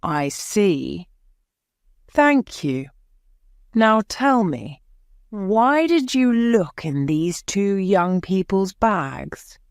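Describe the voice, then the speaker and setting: A woman's voice: medium pitch, big pitch swings, drawn-out words, smooth, no echo, studio quality, voice pushed up, exaggerated voice. A woman voicing a male defence lawyer who questions a witness firmly. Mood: probing. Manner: firm, probing questions.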